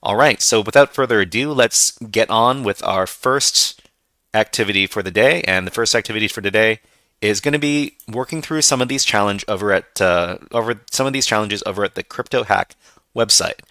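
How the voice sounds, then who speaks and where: A man's voice: fairly low pitch, normal speed, pushed and bright, dry recording. A man hosting a livestream tutorial, talking in a loose, conversational and self-deprecating way. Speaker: host of a hacking livestream.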